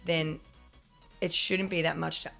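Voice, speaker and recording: A woman's voice: low voice, flat delivery, unhurried, gravelly, pushed and bright, soft background music. A woman co-hosting a live stream, talking casually and rambling through a point with restarts and swearing.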